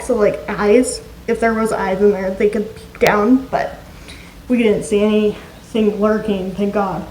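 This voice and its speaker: A woman vlogger telling a story to camera in a chatty, animated way, with plenty of "like" fillers. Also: a little high. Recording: echoey room with loud noise.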